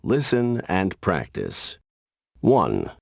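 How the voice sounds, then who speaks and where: A man with a very low, gravelly voice announces listening exercises for a language course. His delivery is unhurried and strongly varied in pitch, as if leading learners step by step. The recording is dry and close. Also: wildly swooping pitch, no echo. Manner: slow, measured announcing. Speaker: audio announcer. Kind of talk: scripted textbook instructions.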